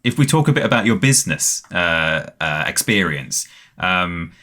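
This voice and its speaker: Podcast co-host, very low voice, easygoing interviewer. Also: male voice, very animated, normal speed, pushed and bright. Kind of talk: casual comedic interview.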